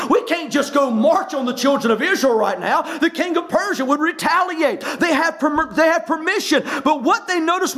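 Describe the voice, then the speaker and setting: A man's voice: very high-pitched, a bit bright. A man preaching a sermon as pastor of a church, often raising his voice for emphasis and acting out quoted lines.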